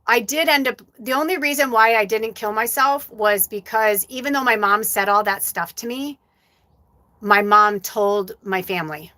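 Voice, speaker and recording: Rambling woman medium, somewhat high voice. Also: moderate pace, pushed and bright. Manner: rambling, casual, frequent fillers and swearing. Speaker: psychic medium host. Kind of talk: live channeled reading and personal storytelling.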